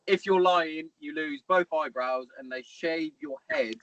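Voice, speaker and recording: A man hosting a podcast in casual chat, telling stories quickly and swearing freely. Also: on the high side, vocal fry, fairly bright tone, no echo, distant mic, lo-fi sound. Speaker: podcast host. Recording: faint background noise with clicks.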